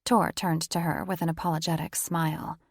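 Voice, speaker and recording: A woman narrating a romance audiobook with a gravelly, fry-edged voice pitched a little low. Her delivery is measured and even. The sound is close and dry. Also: dry recording. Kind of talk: scripted narration.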